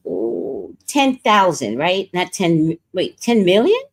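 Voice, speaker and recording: A woman's voice: lowish voice, takes it slowly. A woman hosting a casual livestream, telling brash, profane stories and chatting with viewers. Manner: brash, profane, animated storytelling. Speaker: livestream host and reader. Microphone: streaming setup.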